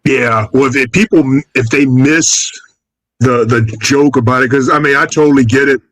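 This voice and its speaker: A man in a casual live-stream chat, animated and profane, mocking slang. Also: medium pitch, moderate pace, no room sound, rough recording.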